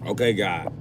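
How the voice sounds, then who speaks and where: A man ranting in a crude joking way on a live stream from a car. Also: heavy background noise. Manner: crude, joking, swings up and down in pitch. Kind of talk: rambling live-stream rant.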